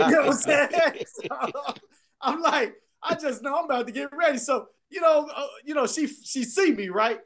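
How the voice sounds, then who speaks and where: A man co-hosting a podcast, telling profane, animated stories in casual chat and acting out what people said. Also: extremely high pitch, moderate pace. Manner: animated, profane storytelling with voiced quotes. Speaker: podcast co-host.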